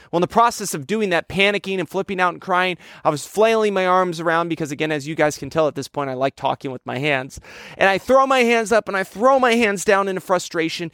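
Storytelling male preacher, higher voice. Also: quick pace, no echo, clean studio sound. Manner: storytelling, animated with childhood anecdotes. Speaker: pastor. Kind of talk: sermon.

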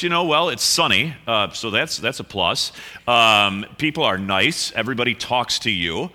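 A middle-aged man, a pastor, praying and then chatting with his congregation in a relaxed, joking way full of fillers. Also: medium pitch, moderate pace. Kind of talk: sermon opening with prayer and chat. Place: church sanctuary. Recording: long hall reverb.

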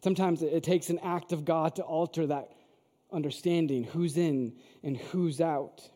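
A man's voice: a little high, fairly even intonation, normal speed, dark tone. A man preaching a sermon, telling a story in a conversational way and asking the audience questions. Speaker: pastor. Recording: long hall reverb.

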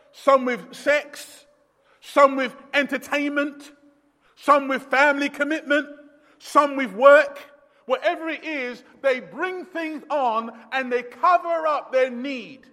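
A man preaching a sermon as pastor, swinging from hushed lines to shouted emphasis. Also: extremely high pitch. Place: church. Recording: long echoey reverb of a hall.

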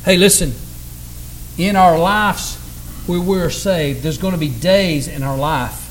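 A man preaching from the pulpit, his voice sitting high and swinging between loud cries and near-whispers. A faint hum runs underneath the church recording. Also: takes it slowly, rough recording. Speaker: pastor. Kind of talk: sermon. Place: church sanctuary.

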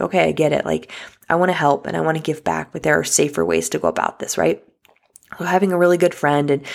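A woman talks straight to her viewers, telling a personal story in a loose, chatty way. Her voice sits low and has a gravelly fry. She restarts her sentences often and fills them with "like.". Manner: chatty, many likes and restarts, addresses viewers as guys and y'all. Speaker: vlogger.

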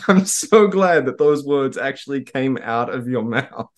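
A woman's voice: extremely low pitch, animated, unhurried. A woman hosting a podcast, reacting casually and swearing freely. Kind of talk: casual chat.

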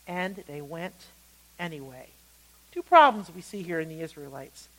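A woman teaching a Bible study, retelling scripture stories with animated storytelling and acted-out quotes. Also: deep voice, normal speed, poor audio.

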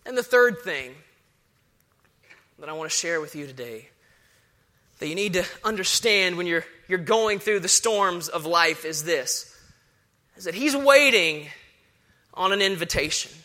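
A man's voice: sits high, expressive, a little slow, pauses often, pushed and bright. A man in his thirties preaching a sermon as a pastor, impassioned and repetitive.

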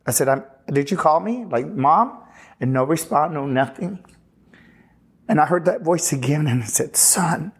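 A pastor from Texas telling his personal testimony in an earnest, halting way, often restarting sentences and retelling conversations. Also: a little high, slightly rough. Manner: earnest, halting, with frequent restarts and retold dialogue.

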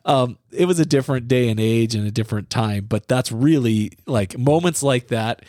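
Speaking at a moderate pace with a medium-pitched voice, a middle-aged man from the American Midwest shares a self-mocking childhood tale on the parenting podcast he co-hosts. His delivery is casual and animated, recorded in studio quality with no echo.

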